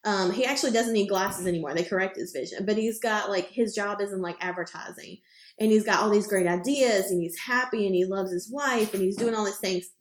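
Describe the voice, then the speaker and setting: A woman's voice: mid-range voice, fairly quick, echoey room. A woman co-hosting a podcast, chatting casually and rambling with lots of fillers and the odd swear word. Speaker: podcast co-host. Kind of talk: casual chat.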